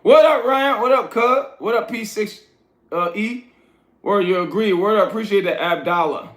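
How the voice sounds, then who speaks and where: A man's voice: high-pitched, normal speed, fairly bright tone. Blunt New man lecturing his livestream chat. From New York. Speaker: livestream host. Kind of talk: casual livestream chat, reading chat aloud. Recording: roomy echoey room.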